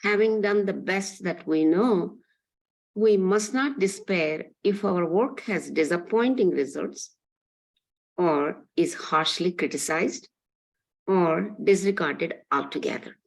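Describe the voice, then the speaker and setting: A woman's voice: fairly low pitch, slow, creaky, rough recording. A woman reading a religious text aloud for a class, carefully and evenly. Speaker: reader in a class.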